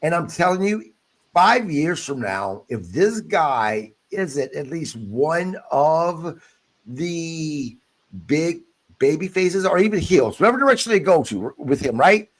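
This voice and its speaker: A male podcast host with a somewhat high voice that swings up and down a lot. He talks bluntly and swears freely in loose, casual chat. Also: big pitch swings, takes it slowly.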